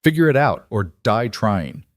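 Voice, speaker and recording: A man voicing a grave, commanding alpha king in an audio storybook, speaking slowly and deliberately. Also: on the low side, big pitch swings, no room sound, clean studio sound. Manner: slow, deliberate, ominous.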